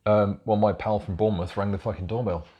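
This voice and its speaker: A man's voice: fairly low pitch, fairly even intonation, fast talker, dull audio. A middle-aged man from England telling his story as a podcast guest, blunt and darkly humorous, swearing often. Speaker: podcast guest, military veteran. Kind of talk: casual storytelling chat.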